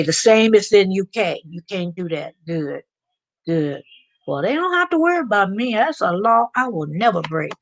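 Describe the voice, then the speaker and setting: An American woman hosting a live stream, chatting and telling stories with animated asides. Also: medium pitch. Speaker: vlog host. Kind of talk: live stream casual chat.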